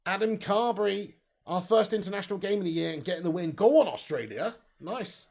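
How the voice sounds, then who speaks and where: Calling the action during a live football watch-along, this young host also reads out comments from viewers. He's chatty, expressive and quick to laugh, talking a little fast in a slightly high, gravelly voice with a darkish tone.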